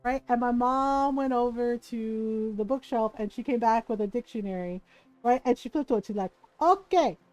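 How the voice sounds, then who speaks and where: High-voiced woman telling family stories. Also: normal speed, faint music behind, low-quality recording. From Filipino family. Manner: animated, laughing, acts out family members' voices. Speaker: streamer. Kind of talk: casual storytelling while gaming.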